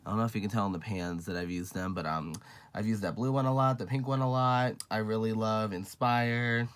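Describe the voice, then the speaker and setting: A man with a slightly low voice chats through a casual makeup collection review. He is sassy and gushing, tosses out "honey" and "girl" to viewers, and swears without a second thought. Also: brisk, clean tone. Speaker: beauty vlogger.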